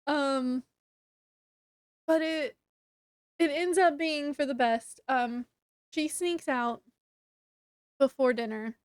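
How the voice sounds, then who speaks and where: A woman's voice: sits high, slow pace, long pauses, no room sound. A young woman casually retelling a novel's plot for a book review, chatty, with frequent fillers and laughs.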